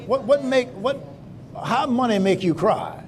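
A man pastor preaching a sermon in call-and-response style, breaking into shouts, in a church. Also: very high voice, big pitch swings, a little slow, crowd noise. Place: church sanctuary. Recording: live church with congregation responding.

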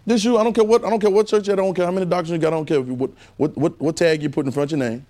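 A man preaching a conversational sermon, animated and repetitive, firing rhetorical questions at his congregation. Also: a little high, rapid-fire, noisy background.

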